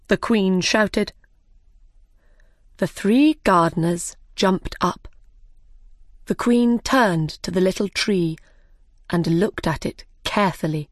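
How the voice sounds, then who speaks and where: A woman narrating a simple storybook in a slow, careful, clear reading. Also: mid-range voice, no echo, studio quality.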